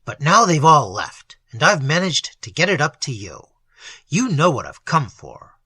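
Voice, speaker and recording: A man reading aloud voices a desperate old father who is gruff and menacing and breaks into frantic, high shouts. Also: wildly swooping pitch, unhurried, no echo, full character voice.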